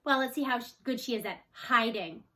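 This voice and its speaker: A cheeky little girl, bossy and playful, brought to life in a storybook read-aloud by a woman. Her voice sits high and bright. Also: brisk.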